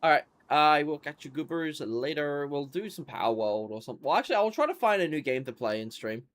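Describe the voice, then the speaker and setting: Fast and fairly bright, with a fairly high, expressive voice, a sleepy man streams a game while yawning. He reads menu items aloud and rambles offhandedly, giving casual gameplay commentary.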